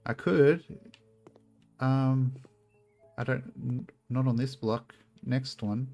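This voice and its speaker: A man's voice: mid-range voice, fairly even intonation, slow, vocal fry, warm tone, faint music behind. A man streaming a game and chatting casually with his viewers, rambling and swearing freely. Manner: chatty, swears a lot, rambling asides to chat. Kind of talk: casual gameplay streaming chat.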